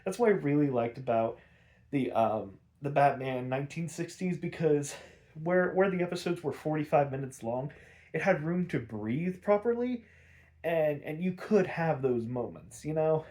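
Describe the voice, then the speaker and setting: A man's voice: a little high, animated, moderate pace, a little mellow. Rambling casual man recapping a cartoon. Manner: rambling, many fillers, swears freely. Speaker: podcast host.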